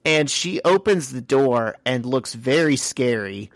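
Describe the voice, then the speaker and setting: A man's voice: medium pitch, expressive, dry recording, clean studio sound. A man co-hosting a podcast, recapping a comic book story in a casual, step-by-step storytelling way. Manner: brisk storytelling, retells scenes step by step. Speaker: podcast co-host.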